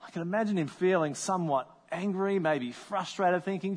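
A man with a high voice delivers a sermon in a conversational, storytelling way. His voice carries a long reverb, as if he is speaking in a large hall. He sometimes slips into the voices of the people in his story. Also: normal speed, hardly any pauses. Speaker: pastor.

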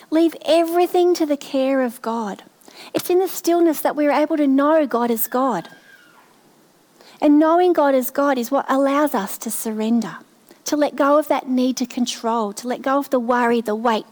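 A middle-aged woman giving a sermon, slow and heartfelt, telling a personal story. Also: high-pitched, darkish tone. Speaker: preacher.

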